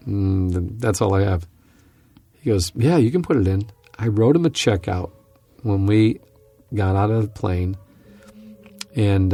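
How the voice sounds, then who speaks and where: Gravelly, low-voiced male Bible teacher. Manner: earnest, animated storyteller with frequent restarts. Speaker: Bible teacher and podcast host. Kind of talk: conversational teaching with storytelling.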